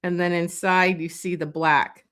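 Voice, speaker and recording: A woman leading a live drawing lesson, talking slowly and thinking aloud as she sketches, with many pauses and fillers. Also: on the low side, level tone, a bit bright. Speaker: drawing instructor. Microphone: streaming setup.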